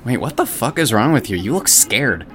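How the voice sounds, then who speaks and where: A man's voice: mid-range voice, very animated, moderate pace, a bit bright, a little hiss or hum. A man voicing a sarcastic, foul-mouthed musician who is an estranged grown child in an audio drama, speaking bluntly.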